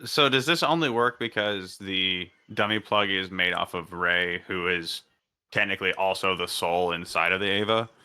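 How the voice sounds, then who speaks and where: A man's voice: low voice, moderate pace, sharp tone, smooth. A man co-hosting a podcast, talking casually and thoughtfully, asking questions. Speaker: podcast co-host. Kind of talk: casual recap chat.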